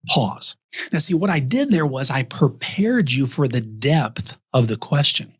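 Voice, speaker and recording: A man with a husky, slightly breathy voice talks on a podcast. He is from Texas and coaches advisors by acting out sample conversations with clients. His pitch sits in an everyday middle range. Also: a little slow. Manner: animated storyteller acting out example dialogues. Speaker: guest author and advisor coach. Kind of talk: podcast interview talk.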